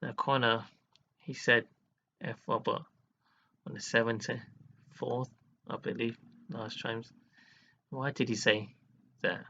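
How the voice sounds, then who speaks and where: A man's voice: medium pitch, fairly even intonation, slow pace, pauses often, pushed and bright, muffled recording, a little hiss or hum. A man vlogging to his viewers in an earnest, dramatic way, scolding and praising by turns. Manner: dramatic, scolding and earnest, with sudden laughs and sighs. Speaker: live streamer. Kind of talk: emotional monologue vlog.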